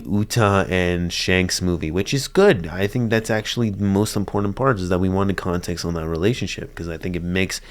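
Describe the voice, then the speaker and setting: A man's voice: on the low side, clear, resonant tone. A young man talking through his thoughts on an anime film in a casual, rambling way, stammering and restarting now and then with a laugh. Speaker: anime reviewer. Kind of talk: casual spoken review.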